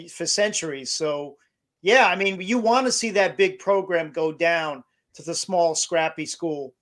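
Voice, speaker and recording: A man's voice: sits high, a bit bright. A man co-hosting a casual sports podcast, talking in a rambling way with many fillers and restarts. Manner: rambling, filler-heavy, starts over mid-phrase. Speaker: podcast co-host.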